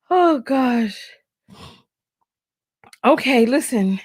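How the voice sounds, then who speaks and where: A woman hosting her own livestream show, talking in a casual, colloquial and sassy way to her viewers. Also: high-pitched. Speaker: show host.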